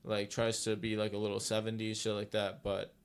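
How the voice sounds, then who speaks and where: Gravelly young man rambling casually. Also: fairly low pitch, completely flat delivery, a little fast. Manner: rambling, filler-heavy, profane. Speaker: podcast co-host. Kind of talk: casual chat.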